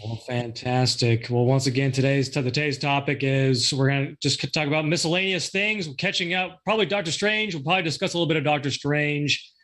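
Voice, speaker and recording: A man's voice: a little high, brisk, hardly any pauses, fairly bright tone. A man hosting a casual podcast, rambling and correcting himself, laughing often. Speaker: podcast host. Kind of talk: casual chat.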